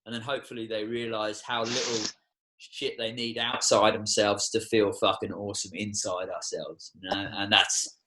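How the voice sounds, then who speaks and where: A young Australian tour guide, guesting in a podcast studio, talks passionately and preachily with heavy swearing in a casual conversation. His fairly low voice stays flat in pitch, pushed and bright at a moderate pace, on a rough recording.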